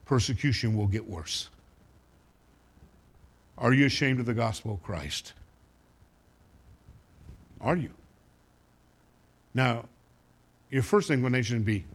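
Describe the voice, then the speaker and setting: A man preaching a sermon to a congregation, animated and emphatic, sometimes acting out the voices of others. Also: mid-range voice, slightly rough. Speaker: pastor.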